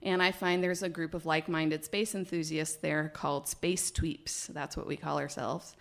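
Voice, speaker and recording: A woman biologist telling a personal story live on stage, animated and laughing, with hesitations and fillers. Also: sits low, moderate pace, gravelly.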